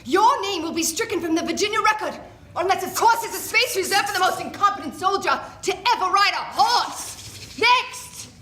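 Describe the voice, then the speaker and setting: A woman's voice: extremely high pitch, lively intonation, normal speed, bright, forceful tone, exaggerated voice. A woman acting on a theater stage, playing a pompous, scornful male colonial governor who mocks the man before him. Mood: exasperated. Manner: haughty, dismissive, laughing at his own put-downs. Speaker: stage actor. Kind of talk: live stage comedy acting. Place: theater stage with live audience. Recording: echoey live theater recording with audience noise.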